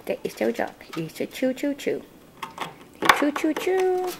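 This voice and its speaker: A woman's voice: sing-song, unhurried, creaky, heavy background noise. Woman cooing at pets in swooping tones. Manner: cooing baby talk to her pets, with big jumps in pitch. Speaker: guinea pig owner showing her pets. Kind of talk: casual home video tour. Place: indoors at home.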